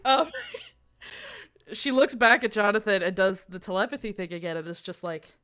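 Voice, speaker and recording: A woman playing a tabletop role-playing game, casually describing her character's actions and speaking her lines quietly. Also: mid-range voice, lively intonation, normal speed, smooth. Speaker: player.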